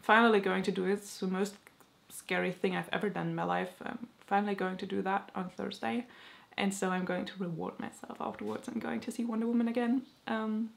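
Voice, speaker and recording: A young woman vlogger in casual chat, rambling excitedly and using many filler words. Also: medium pitch, brisk, gravelly, few pauses. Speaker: book vlogger.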